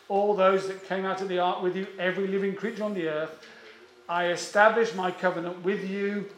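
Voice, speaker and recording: A man with a high, light voice delivers a sermon, leaning hard on key words and stretching them out slowly. He is heard in an echoey church room with a faint hum of ambience behind him. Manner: measured, emphatic, drawn-out stresses. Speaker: preacher.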